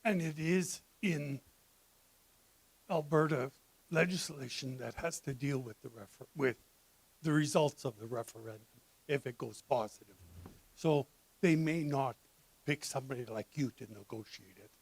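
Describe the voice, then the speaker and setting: A man's voice: mid-range voice, moderate pace, long pauses, slightly rough, no room sound, rough recording. A man in the audience objecting bluntly to a panel speaker, starting hesitantly. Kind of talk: live panel exchange.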